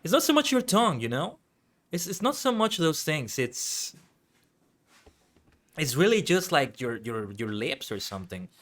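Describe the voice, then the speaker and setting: A man streaming and chatting casually, animated and exclaiming, often correcting himself mid-sentence. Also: a little high, unhurried, pauses often. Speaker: VTuber streamer. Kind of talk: casual stream chat and reactions.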